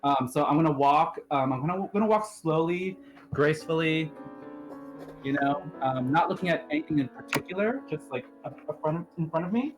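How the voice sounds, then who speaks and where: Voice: mid-range voice, lively intonation, normal speed. Hesitant player with music behind. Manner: hesitant, many fillers. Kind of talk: casual play. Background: clear background music.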